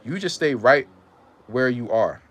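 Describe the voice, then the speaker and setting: A man's voice: mid-range voice, lively intonation, unhurried, breathy edge. A man reading aloud and voicing a stern, hard-pressed mother who gives clipped, final commands.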